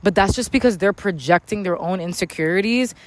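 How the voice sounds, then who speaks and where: Loud, candid woman podcast host. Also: mid-range voice, a little fast, slight background noise. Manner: loud, candid, slangy and profane. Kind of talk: casual motivational podcast monologue. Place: outdoors in a public spot near traffic.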